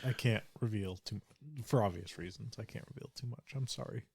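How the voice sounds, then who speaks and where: A man's voice: on the low side, brisk, gravelly, darkish tone, breathy edge, no room sound. Cryptic older lady baker with a dry, close sound, a man in the role, drops warnings. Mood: secretive. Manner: cryptic, conspiratorial. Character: older woman baker, secretive sleuth. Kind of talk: tabletop role-play.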